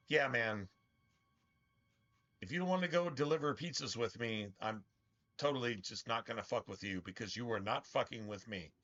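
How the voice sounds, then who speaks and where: A man giving casual commentary over his gameplay, rambling with lots of slang and swearing. His voice is bright and sharp at a middle pitch. The audio is dull and lo-fi. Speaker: gaming streamer.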